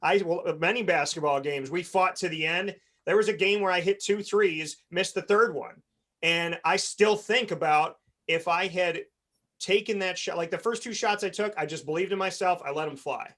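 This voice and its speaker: An earnest man hosts a sports panel over a video call, his voice sitting a little high for a man. He talks in long, rambling runs and often restarts his sentences. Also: normal speed, fairly bright tone. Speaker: host. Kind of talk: panel discussion.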